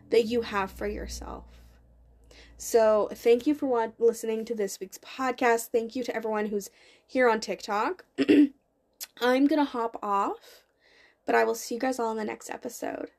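A young woman with a somewhat high voice speaks in an earnest, encouraging podcast style. She stacks up repeated phrases for emphasis as she coaches her listeners. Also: darkish tone. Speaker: podcast host and life coach. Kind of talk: motivational podcast talk.

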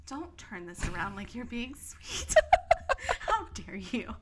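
A young woman co-hosting a podcast, telling stories in a lively, laughing way and swearing freely. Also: a little high, slow, very noisy. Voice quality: laughs often, swears freely, animated storytelling. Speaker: podcast co-host. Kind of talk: casual chat. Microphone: podcast mic.

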